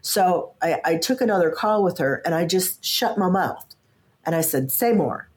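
A woman in her fifties with a low, deep voice, chatting as an interview guest. She talks with energy and often repeats the first word while she finds her thought. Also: moderate pace. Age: 50s. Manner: animated, stammers at starts, acts out quoted voices. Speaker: podcast guest, coach and author. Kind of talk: casual interview chat.

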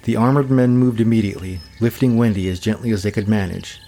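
A man reading a fantasy story aloud in a measured, descriptive narration. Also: lowish voice, warm tone, slight background noise.

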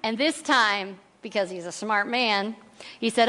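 Woman preacher, animated storyteller voicing characters, slightly high voice, reverberant church hall. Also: moderate pace. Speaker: guest speaker at church. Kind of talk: sermon testimony storytelling. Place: church sanctuary.

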